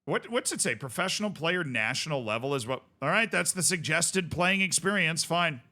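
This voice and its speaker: Animated, bright-voiced male game streamer. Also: on the high side, moderate pace. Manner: rambling, animated, jokey asides to chat. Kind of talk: casual gaming stream chat.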